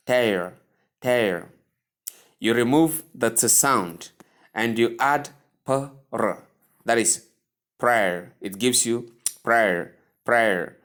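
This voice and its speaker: A man with a Nigerian English accent teaching English pronunciation, repeating each word slowly and deliberately. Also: medium pitch, a bit bright. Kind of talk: slow instructional lesson.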